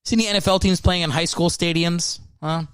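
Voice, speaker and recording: A man's voice: high-pitched, steady tone, brisk, a bit bright, clean tone, dry recording. A man hosting a solo comedy podcast, riffing sarcastically with plenty of swearing. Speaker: podcast host.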